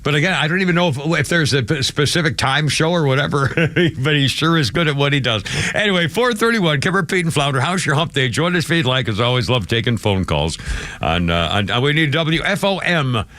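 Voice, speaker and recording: A man's voice: fairly high pitch, expressive, a little fast, sharp tone, dry recording. Older man hosting talk radio: rambling, filler-heavy, dry close studio mic. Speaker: radio show host. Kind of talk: casual talk radio chat. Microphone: studio microphone.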